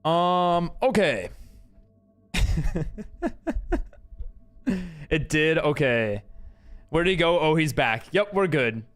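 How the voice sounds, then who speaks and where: A man's voice: a little high, expressive, extremely slow, long pauses, fairly bright tone, faint music behind. A man streaming a game live, casually chatting and answering his viewers' messages with rambling talk and frequent giggles. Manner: rambling, giggly, reads chat aloud.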